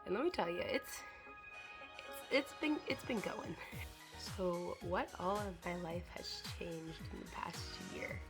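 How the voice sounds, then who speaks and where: A young woman vlogging in a casual, rambling way, her voice hoarse and congested from a cold. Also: fairly low pitch, expressive, measured pace, over music. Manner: rambling, chatty, trailing off into fillers. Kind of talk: casual chat to camera.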